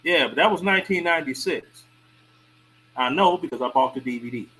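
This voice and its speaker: A man in a casual panel discussion, reacting with animated disbelief. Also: a little high, a little hiss or hum, rough recording. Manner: animated, incredulous, quick reactions.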